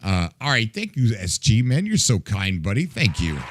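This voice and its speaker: A man streaming and chatting loosely with his viewers, his voice bouncing all over in pitch. He laughs a lot, does goofy sound effects and plays at being fed up with the chat. The sound is dry and close, with no room in it. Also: wildly swooping pitch, moderate pace, no echo, a faint crowd. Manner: mock-exasperated as he reacts to chat. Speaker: livestream host.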